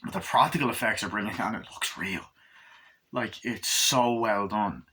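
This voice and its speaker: A man's voice: lowish voice, normal speed, bright, forceful tone, husky. A young man casually reviewing a movie, rambling, swearing often and acting out the scenes he describes. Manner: profane, rambling, acts out scenes.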